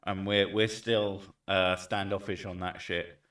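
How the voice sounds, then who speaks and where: Bright-voiced man, joking in an echoey room. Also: low voice, level tone, unhurried. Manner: joking, playful, swears, loud outbursts. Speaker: streamer host. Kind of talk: casual chat. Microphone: desk mic set back from him. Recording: echoey room, far from mic.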